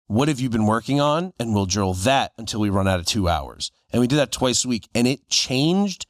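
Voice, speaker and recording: A man's voice: medium pitch, expressive, moderate pace, no room sound, studio quality. A man in his forties, a podcast co-host, telling stories casually and acting out the voices of people he quotes. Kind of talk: casual storytelling chat.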